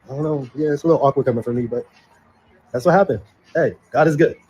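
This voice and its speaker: Husky man telling a laundry story. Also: mid-range voice, quick pace, dull audio. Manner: relaxed storytelling, addresses "y'all". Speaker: guest in a played clip. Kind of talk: casual personal video monologue.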